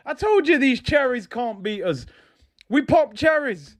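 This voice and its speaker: A young man hosting a live football watch-along, excitable, joking with his chat and shouting when his team scores. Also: very high-pitched, unhurried. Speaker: football fan channel host.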